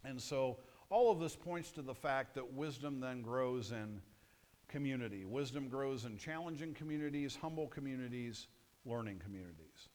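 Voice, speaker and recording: A man's voice: medium pitch, animated, normal speed, a little mellow. A male pastor preaching a sermon in a conversational, punchy way, often asking the audience questions.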